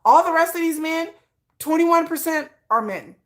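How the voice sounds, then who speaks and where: A woman hosting a casual livestream, talking in an animated, dramatic way that swings between high exclamations and low mutters. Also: normal speed. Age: adult parent. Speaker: YouTube channel host.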